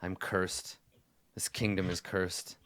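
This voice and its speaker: A man voicing a grief-stricken king who speaks low and heavy with guilt in a tabletop game. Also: steady tone, measured pace, heavy background noise. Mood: brooding.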